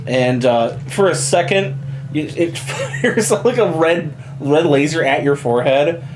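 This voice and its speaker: Animated man narrating as game master. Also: on the high side, measured pace, soft background music, rough recording. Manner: loose, laughing, lots of "like".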